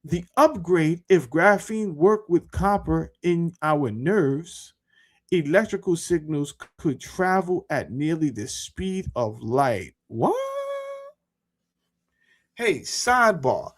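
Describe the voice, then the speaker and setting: A man talking casually to his viewers as a YouTuber, animated and full of rhetorical questions and slang. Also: a little high, slow. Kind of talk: casual monologue to camera.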